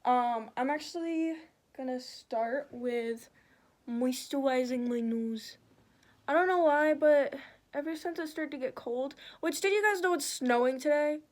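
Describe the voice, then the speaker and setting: A young woman chatting casually while doing her makeup, telling a story with lots of swearing and animated retelling. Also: sits high, a little slow.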